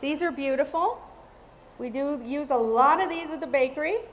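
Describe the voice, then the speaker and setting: A woman's voice: high voice, moderate pace. A woman giving a live cake decorating demonstration, chatty and exclamatory. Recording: reverberant hall with faint noise.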